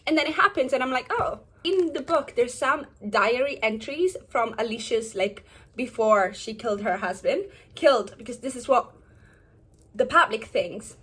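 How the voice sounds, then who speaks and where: A woman's voice: fairly high pitch, normal speed, husky. Bubbly young woman vlogging about books. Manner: bubbly, chatty, animated. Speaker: book vlogger. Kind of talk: casual reading vlog. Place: home, indoors.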